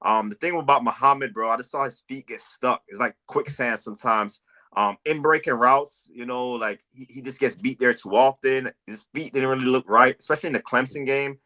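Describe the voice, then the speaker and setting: Guy on a football podcast, bright voice, keeps restarting his sentences, says bro a lot. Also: mid-range voice, fairly quick. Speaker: podcast co-host. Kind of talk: casual football scouting talk.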